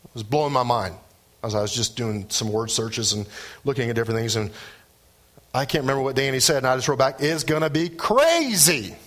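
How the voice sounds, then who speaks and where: A man preaching a sermon, animated, with his voice rising and dropping for emphasis. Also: medium pitch, fast. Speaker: pastor.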